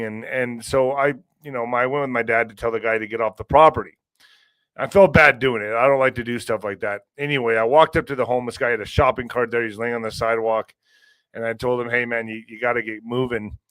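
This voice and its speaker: Middle-aged male podcast host, loose rambling monologue, mid-pitched voice, close dry recording. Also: a bit bright, dry recording. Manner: rambling, conversational, addresses audience as folks. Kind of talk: casual monologue.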